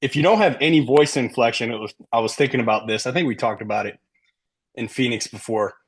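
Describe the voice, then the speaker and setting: Man, middle-aged, sales trainer, emphatic coaching talk, medium pitch, checks in with "right?". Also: fast talker, breathy edge.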